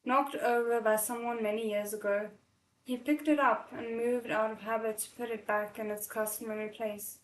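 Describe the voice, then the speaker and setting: A woman's voice: fairly high pitch, steady tone, normal speed, echoey room, low-quality recording. A woman reading a novel aloud, breaking off for emotional, tearful comments. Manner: emotional, tearful asides between passages. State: choked up from crying. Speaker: novel readalong host.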